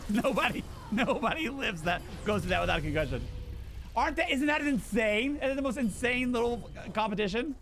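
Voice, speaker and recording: High-voiced young guy rambling casually. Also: expressive, moderate pace, a bit bright, slight background noise. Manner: rambling, laid-back, full of "like" and "dude". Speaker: game streamer. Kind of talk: casual chat while gaming.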